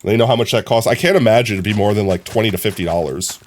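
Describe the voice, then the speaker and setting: A man's voice: fairly low pitch, fast, slight background noise. Young man rambling on a live stream. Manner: animated rambling storyteller, heavy on fillers. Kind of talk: casual stream chat. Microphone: streaming from a phone.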